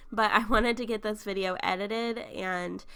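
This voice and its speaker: A woman's voice: medium pitch, steady tone, a little slow, fairly bright tone, clear, resonant tone. A young woman talking casually over her game footage, stuffy and congested from a sinus infection and just out of bed, chatty, with frequent ums and small laughs. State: just woken up. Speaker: YouTuber narrating a speed build.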